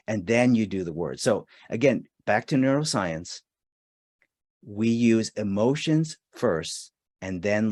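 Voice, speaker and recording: A man's voice: lowish voice, darkish tone, no echo, clean studio sound. A man running a live online customer service training, talking casually and reading chat answers aloud with many fillers. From Canada. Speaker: webinar trainer.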